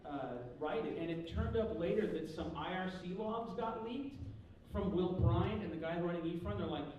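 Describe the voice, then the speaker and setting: A man on stage at a convention panel, telling a story to a live audience in an animated way, acting out the dialogue and swearing freely. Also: sits high, normal speed, lo-fi sound. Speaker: panel guest speaker. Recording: echoey hall from far off, audience noise.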